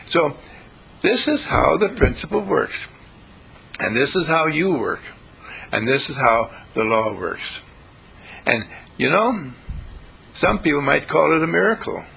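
A man's voice: on the high side, very animated, a little slow, gravelly, long pauses, bright, forceful tone, husky, poor audio. A man giving an inspirational spiritual talk in a folksy, repetitive way, chuckling as he preaches. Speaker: spiritual speaker.

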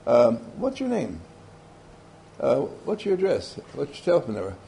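A man's voice: medium pitch, wildly swooping pitch, normal speed, gravelly, mellow, slight background noise, rough recording. A man giving a motivational talk, telling a story animatedly and often laughing. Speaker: motivational speaker.

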